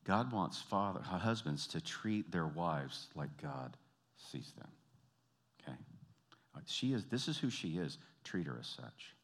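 Low-voiced man preaching with animated storytelling. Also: slow. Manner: animated storyteller, acts out quoted voices, drops to soft intimate appeals. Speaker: pastor and counselor. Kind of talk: storytelling sermon.

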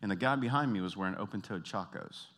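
Man, Southern accent, stand-up comedian, low voice, animated storytelling, leaps into high put-on voices. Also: quick pace. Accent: Southern American. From Southern United States.

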